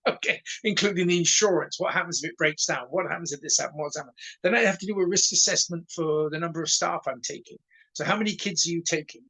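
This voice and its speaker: A man in his sixties tells stories as a guest on an interview show. His voice is husky and sits a little high, and he trips over repeated words while acting out the people he quotes. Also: fast, rough recording. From Wales. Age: 60s. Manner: animated storyteller who stutters on repeated words and acts out dialogue. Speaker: karate instructor and guest. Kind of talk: casual storytelling interview.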